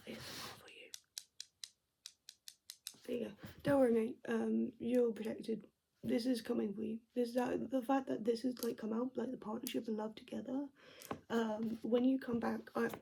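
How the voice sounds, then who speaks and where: An English woman reads tarot in a chatty, reassuring way, full of fillers and 'mate'. Her voice sits fairly high but is thick with vocal fry. The tone is mellow rather than bright. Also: a little hiss or hum, low-quality recording. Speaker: tarot reader. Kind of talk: casual tarot reading vlog.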